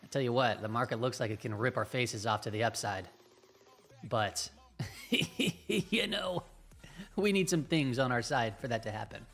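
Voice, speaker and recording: A man's voice: medium pitch, a little fast, fairly bright tone, soft background music. A man hosting a live stream, upbeat and chatty, greeting viewers by name. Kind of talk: casual live-stream chat.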